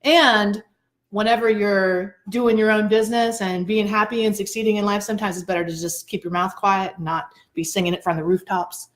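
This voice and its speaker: A woman co-hosting a casual talk show, animated and laughing often as she tells stories. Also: medium pitch, a little fast. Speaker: co-host. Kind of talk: casual chat and storytelling.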